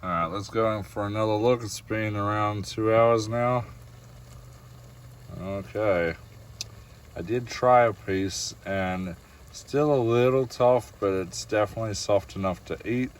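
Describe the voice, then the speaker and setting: An Australian van-lifer with a deep voice cooks and chats at a measured pace inside his camper van for a casual vlog. His talk is rambling and full of fillers, and he keeps addressing viewers as "guys."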